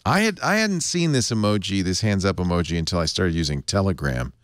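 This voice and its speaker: Man, tech show host, casual panel chat, swooping pitch, dry close mic. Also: fairly quick, no room sound. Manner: animated, chatty, jumps in pitch. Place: studio.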